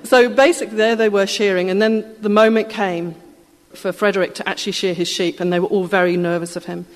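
A woman tells an anecdote to a live audience, lively and amused, in a plain conversational way. Her voice sits at a middle pitch for a woman. The sound rings with a long reverb, as in a large hall. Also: fairly quick. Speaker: storyteller.

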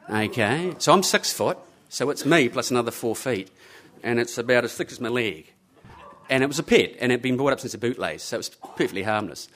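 A man telling a story live to an audience, animated and acting out the people in it. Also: medium pitch.

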